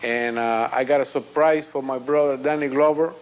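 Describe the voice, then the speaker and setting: A man's voice: mid-range voice, fairly even intonation, moderate pace, clear, resonant tone. A man recording a casual, affectionate video message to an old friend he knew in prison. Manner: warm, affectionate, switches into doting baby talk. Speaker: former prisoner sending a video greeting.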